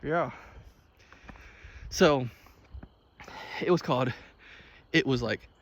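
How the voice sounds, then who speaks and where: A man vlogging outdoors on a walk, telling a story in an animated, chatty way and laughing often. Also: medium pitch, extremely slow, pauses often. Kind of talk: casual chat while walking. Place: outdoors by a field.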